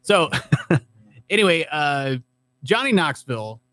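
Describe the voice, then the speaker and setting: A man's voice: a little high, sing-song, slow, sharp tone, dry recording. Dry-sounding man reading the news. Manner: reads articles aloud, then questions them. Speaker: podcast co-host. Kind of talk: casual chat reading news items.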